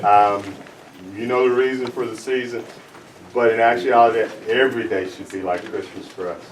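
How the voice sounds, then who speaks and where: A man leading a volunteer caroling group, talking casually and haltingly with fillers at a council meeting. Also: medium pitch, fairly even intonation, slight background noise. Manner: folksy, halting, with fillers and laughs. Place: council chamber. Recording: roomy, from far off the mic, crowd behind.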